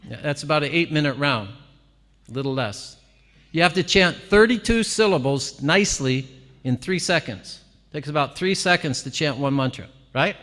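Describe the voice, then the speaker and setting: Bright-voiced man preaching in a reverberant hall. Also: on the high side. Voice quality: animated, exclamatory, frequent laughs. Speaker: visiting speaker at a temple gathering. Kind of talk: devotional talk. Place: temple hall.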